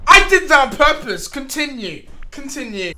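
A man doing comedic gaming vlog commentary, loud and swearing in frustrated outbursts. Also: very high voice, very animated, moderate pace, a crowd in the background. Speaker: gaming YouTuber.

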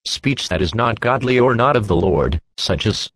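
A man giving a measured, steady scripted reading of a Christian parenting book as an audiobook narrator. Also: medium pitch.

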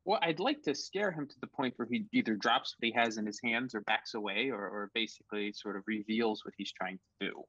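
A man's voice: on the low side, fairly quick, hardly any pauses, fairly bright tone, slightly rough, dry recording. Player guy kinda rambling, uh and like a lot, muffled dry mic. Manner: rambling, hedging, with many fillers. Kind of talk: casual tabletop game play.

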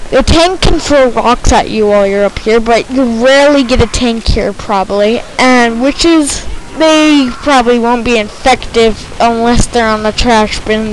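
A woman narrating her own gameplay in a let's play commentary, jittery and excitable, repeating herself when tense. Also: fairly high pitch, a little hiss or hum, low-quality recording.

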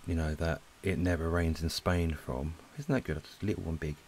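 An art channel host living in Spain rambles casually to his viewers while drawing, sounding relaxed and slightly breathless. His voice rumbles low and moves at a moderate pace, with a bit of hiss or hum in the recording.

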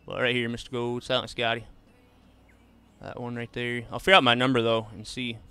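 A man's voice: medium pitch, flat delivery, a little fast, pushed and bright, smooth. A man doing casual live gaming commentary, chatting easily with viewers and tossing in "man" and "bro" all the time. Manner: laid-back, drawls "man" and "bro" often. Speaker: streamer.

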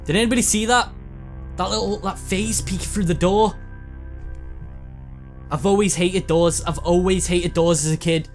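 Gamer man, high voice, jumpy horror commentary, curses and repeats himself. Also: fairly even intonation, normal speed, long pauses, soft background music. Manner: nervous, swearing, repeats words in panic. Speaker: let's play gamer.

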